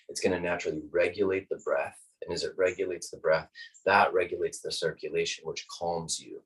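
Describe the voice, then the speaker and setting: A man teaching a guided breathing lesson, calm and instructive, demonstrating each breath aloud. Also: low voice, a little fast, breathy edge, distant mic, poor audio.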